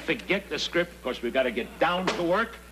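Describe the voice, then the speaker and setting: In a sitcom guest spot before a studio audience, a male actor plays a brash veteran comedian who is bossy and wisecracking, domineering the scene and stalling with drawn-out pauses. His voice is fairly high and animated, lightly acted, with loud music and audience laughter making the audio noisy.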